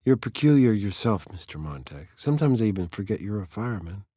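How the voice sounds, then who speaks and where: A man's voice: lowish voice, big pitch swings, fairly quick, mellow, no echo, clean studio sound. A man voicing a curious, dreamy seventeen-year-old girl in an audiobook reading, with a light, wondering, playfully probing manner.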